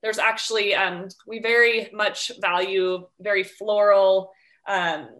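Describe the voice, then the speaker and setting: A woman chats as a guest on a podcast, and her voice comes across bright and lively. She explains things at length in a friendly way, with a few ums and light laughs along the way. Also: medium pitch, slow pace. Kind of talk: casual interview chat.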